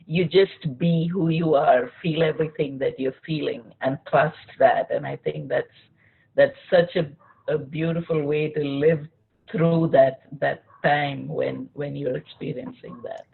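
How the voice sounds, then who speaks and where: Husky woman on a tinny call line. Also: low voice, steady tone, measured pace. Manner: thoughtful, searching, with frequent restarts. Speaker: interviewer. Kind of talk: reflective conversation.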